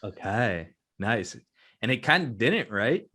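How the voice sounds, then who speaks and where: A man's voice: on the low side, big pitch swings, sharp tone, husky. Eager young man hosting a talk show. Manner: eager, enthusiastic fan, quick to react. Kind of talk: casual interview.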